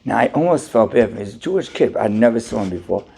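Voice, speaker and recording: A man, a rabbi, tells a personal story in an animated, conversational sermon and talks straight to his audience. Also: on the low side, very fast, vocal fry, breathy edge.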